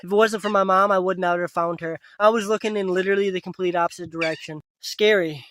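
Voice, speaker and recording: A man vlogging at an outdoor camp in the woods, talking casually to the camera. He gets emotional and uses a soft voice with his pets. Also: high-pitched, steady tone, fast talker. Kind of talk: casual vlog talk to camera.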